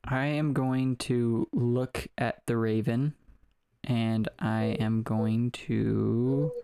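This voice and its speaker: A man's voice: mid-range voice, mellow, smooth. A man at a tabletop game, talking casually in a mid-range voice. He asks the table questions and now and then loses his words before finding them again. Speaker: player.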